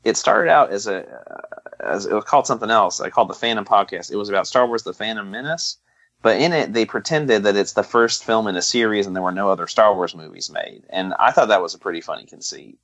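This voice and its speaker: A man co-hosting a podcast in casual chat, deadpan and jokey, sometimes drifting into a put-on drawl. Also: fairly low pitch, quick pace, dull audio. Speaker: podcast co-host.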